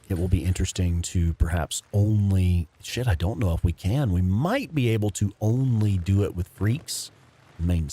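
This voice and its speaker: A man's voice: on the low side, mellow, slight background noise. A man in his fifties casually commentating a video game, laid-back, laughing often and swearing freely. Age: 50s. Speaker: gameplay streamer. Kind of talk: casual let's play commentary.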